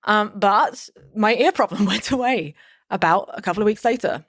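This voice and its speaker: A woman's voice: medium pitch, normal speed, no echo. Woman telling a story in a dry room. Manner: rambling, many fillers and restarts. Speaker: podcast guest. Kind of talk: casual storytelling conversation.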